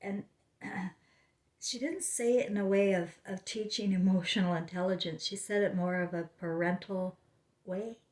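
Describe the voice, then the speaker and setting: A woman's voice: mid-range voice, fairly even intonation, a little slow, darkish tone. A woman vlogging at home, talking in a meandering way with many fillers and restarts. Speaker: spiritual vlogger. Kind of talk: rambling casual monologue. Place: home, living room. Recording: roomy echo.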